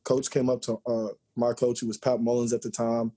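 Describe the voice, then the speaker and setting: A man in his forties, a former college basketball player, telling lively, joking stories as a podcast guest. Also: medium pitch, fairly quick. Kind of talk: storytelling interview chat.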